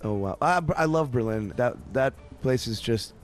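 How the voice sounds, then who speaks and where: A man's voice: medium pitch, lively intonation, moderate pace, faint music behind. A man from Canada, a musician interview guest, telling stories in a rambling way with many restarts. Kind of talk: casual interview chat.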